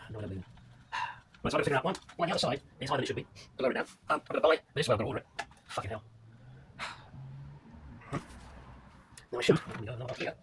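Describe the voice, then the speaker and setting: Rapid-fire speech in a medium pitch, with frequent pauses, comes from a man restoring a motorcycle in his home garage. He swears and talks to himself as he takes viewers through the task, casual workshop commentary over background noise.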